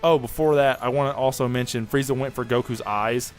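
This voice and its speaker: A man giving a casual spoken review of an anime episode, rambling and excitable, often restarting and correcting himself. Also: mid-range voice, brisk, faint music behind.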